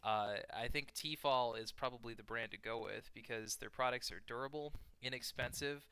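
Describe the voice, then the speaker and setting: A man giving casual, rambling gameplay commentary, joking with his opponent and filling pauses with lots of "uh". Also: medium pitch, bright, forceful tone, smooth. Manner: rambling, joking banter with frequent fillers. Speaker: multiplayer strategy game player and co-host.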